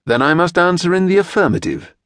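Male reader as a fussy, scowling gentleman: clipped, dry, lively pitch, dead-dry sound. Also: a little fast, no echo. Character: stern, fussy tall gentleman rider, sardonic.

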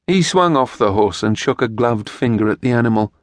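Male audiobook narrator, expressive, middle pitch, dead-dry studio mic. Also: brisk, few pauses, no echo. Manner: expressive storytelling. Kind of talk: scripted narration.

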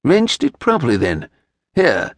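A man voicing a stern, fussy gentleman who speaks in a dry, clipped, pompous way. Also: fairly high pitch, wildly swooping pitch, unhurried, no echo, exaggerated voice. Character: stern, fussy tall gentleman rider, sardonic.

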